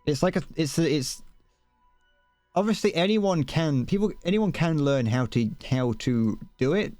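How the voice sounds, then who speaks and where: A young man with a British accent chatting casually on a live gaming stream, his pitch bouncing up and down as he rambles. He talks in a self-deprecating way, close to the mic, in a dry, dead room. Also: expressive, unhurried, a little mellow, no echo, faint music behind. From Britain.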